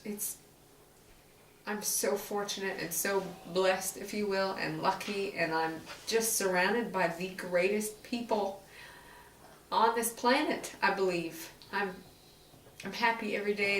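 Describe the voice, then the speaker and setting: A woman's voice: mid-range voice, a bit bright. Woman, interviewee, sincere and heartfelt with stumbling restarts; echoey room, distant mic, faint hiss. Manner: earnest, heartfelt, halting restarts. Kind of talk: personal oral-history interview.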